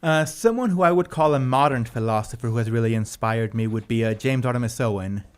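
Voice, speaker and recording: A man's voice: medium pitch, brisk. A man, a guest author, chatting casually on a livestream and laughing often as he tells stories. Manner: laughs often, animated storytelling.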